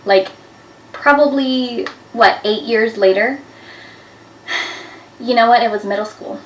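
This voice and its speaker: A woman in her twenties telling embarrassing stories to camera in a chatty, animated way, with lots of "like" fillers. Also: fairly high pitch, takes it slowly, slight background noise. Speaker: vlogger. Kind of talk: casual storytelling to camera. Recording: echoey room, a bit far from the mic.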